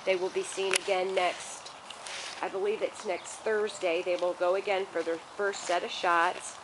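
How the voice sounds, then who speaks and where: A woman who breeds dogs, chatting casually about her puppies and cooing to them in soft baby talk. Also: fairly low pitch, little pitch movement, moderate pace. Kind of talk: casual home video narration. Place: puppy play area. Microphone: handheld home video camera held by someone else. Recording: noisy home video.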